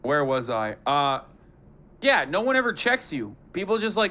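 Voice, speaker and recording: A man streaming live, reacting to clips with profane, animated commentary and mocking impressions. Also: on the high side, moderate pace, a little hiss or hum. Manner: profane, animated, mocks voices.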